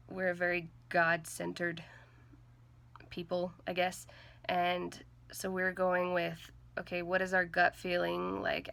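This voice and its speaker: A young woman vlogger tells a personal story to camera in a gravelly, low voice with a bit of brightness. She comes across as earnest and halting, her speech heavy with fillers like "like" and "um".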